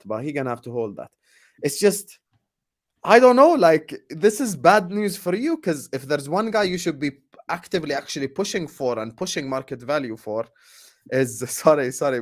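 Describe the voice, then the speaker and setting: A man hosting a football channel in casual chat, loose and filler-heavy, reading out viewer comments. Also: on the high side.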